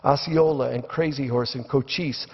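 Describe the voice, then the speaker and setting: Older man, debate remarks, reflective storyteller, gravelly, echoing hall. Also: mid-range voice, steady tone, moderate pace. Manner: reflective, storytelling delivery with acted quotes. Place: lecture hall. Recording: dull lo-fi recording in a reverberant hall.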